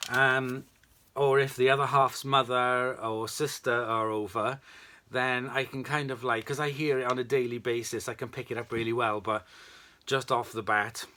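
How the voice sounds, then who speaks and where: A man's voice: medium pitch, fairly even intonation, moderate pace, pushed and bright, slight background noise. A British man hosting a casual vacuum restoration vlog, talking in a chatty, rambling, friendly way. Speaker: vacuum restoration channel host.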